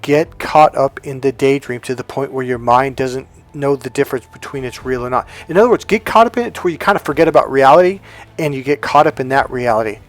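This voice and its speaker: Speaking fast in a medium-pitched voice, a man who coaches on life and dating shares a personal story conversationally and repetitively. Retelling the dialogue, he keeps saying "he goes" through this motivational monologue.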